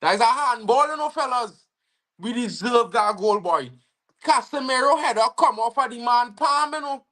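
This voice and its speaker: A young Trinidadian man hosting a football watch-along livestream, slangy and excitable, bursting into shouts when his team scores. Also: extremely high pitch, moderate pace. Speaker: football fan livestream host. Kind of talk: live match watch-along commentary.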